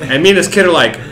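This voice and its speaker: A man's voice: sits high, a bit bright. A man from Missouri telling a story at a gaming table, swearing and laughing as he goes. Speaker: player. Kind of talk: casual chat at a gaming table. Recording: roomy echo, people chatting around.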